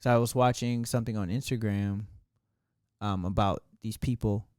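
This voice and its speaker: A man's voice: lowish voice, fairly even intonation, normal speed, darkish tone, clean tone, no room sound, studio quality. A man co-hosting a podcast, rambling through his thoughts with lots of fillers in casual chat. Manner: rambling, thinks aloud with many fillers. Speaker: podcast co-host.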